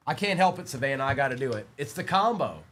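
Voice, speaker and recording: A man's voice: mid-range voice, a bit bright, slight background noise. A man hosting a live-stream trading card break, chatting upbeat and casual while rattling off player names as he opens packs.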